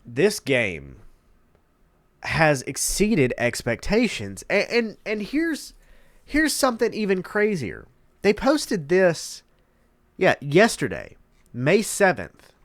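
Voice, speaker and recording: A man's voice: high voice, wildly swooping pitch, slow, fairly bright tone, no echo. A congested man hosting his own channel, giving emphatic, opinionated commentary and repeating key words for effect. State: congested, stuffed-up nose. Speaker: channel host.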